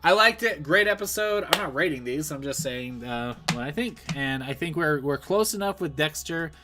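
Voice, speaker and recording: A man's voice: a little high, expressive, normal speed, music in the background. A man giving a casual, rambling spoken review of a TV episode, often correcting himself and trailing off, with bursts of enthusiasm. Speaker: show reviewer. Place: at home, streaming.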